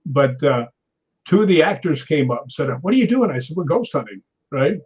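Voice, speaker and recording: Husky and a little mellow, this man's medium-pitched voice has lively intonation and a normal speed, though the recording is muffled. A stuntman in his sixties, he's a guest in a storytelling interview, animated and full of laughter as he acts out quotes.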